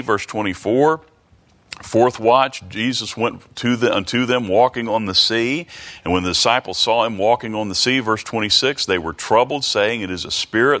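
A man preaching a Bible study sermon, halting and restarting, reading scripture aloud and asking the listeners many rhetorical questions. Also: on the low side, sharp tone. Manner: reads King James scripture aloud.

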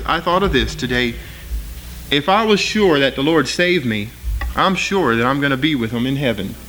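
A man's voice: a bit bright, low-quality recording. Man preaching, voice climbing on scripture. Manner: rises in pitch and volume reading scripture aloud; plain spoken, with fillers and restarts between readings. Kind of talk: sermon.

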